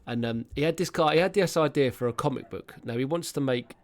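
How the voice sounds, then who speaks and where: A British man in his thirties co-hosts a loose, casual podcast chat. He tells rambling anecdotes and swears freely, at an ordinary middle pitch. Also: fast talker. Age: 30s. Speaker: podcast co-host.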